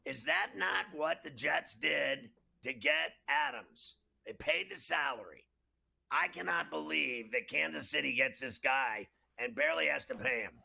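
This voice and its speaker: Gravelly, sharp-toned outspoken male co-host. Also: a little high, expressive, unhurried. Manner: blunt, incredulous, opinionated. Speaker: sports betting show co-host. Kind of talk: opinionated sports talk.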